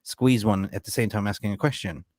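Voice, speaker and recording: A man hosting a casual football fan podcast, an animated storyteller who laughs often. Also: fairly low pitch, brisk, dry recording. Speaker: podcast host.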